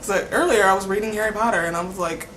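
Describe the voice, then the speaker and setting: A woman's voice: mid-range voice, quick pace, a bit bright. Young woman, rambling vlog chat, says "like" constantly, laughs between thoughts, middling voice, faint background hiss. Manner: rambling, fills every phrase with "like". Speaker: vlogger.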